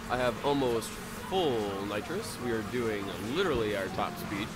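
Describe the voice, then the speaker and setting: A man who is sick and low on energy gives live commentary on a racing game, excitable and swearing freely. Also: unhurried. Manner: excitable, swears freely, cheers during races. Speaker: video game streamer. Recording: noisy, with racing game sounds. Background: car engines and game sounds.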